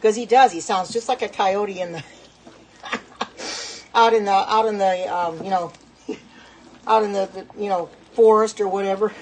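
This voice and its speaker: A woman's voice: mid-range voice, fairly even intonation, unhurried, pauses often, a little mellow, a little hiss or hum, poor audio. A middle-aged woman chatting in a rambling, self-correcting way while cooking at her home stove, talking to her viewers. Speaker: home cook. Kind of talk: casual cooking vlog talk.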